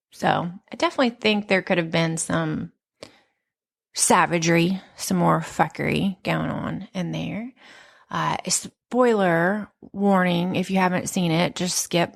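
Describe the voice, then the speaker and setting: A woman in her thirties hosting a podcast, telling stories in a candid, profane, animated casual chat. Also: fairly low pitch, creaky. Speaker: podcast host.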